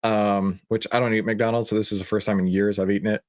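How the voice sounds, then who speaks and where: A middle-aged man hosts a casual livestream, chatting excitedly and reading viewer comments aloud. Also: fairly low pitch, fast, no room sound, studio quality. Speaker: show host.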